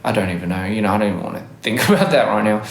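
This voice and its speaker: A man from Australia with a softened Australian accent, chatting casually on a live stream, rambling and correcting himself, often laughing. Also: lowish voice, very fast, roomy sound. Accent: Australian English, softened by years abroad. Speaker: livestreamer. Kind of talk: casual live-stream chat reading comments.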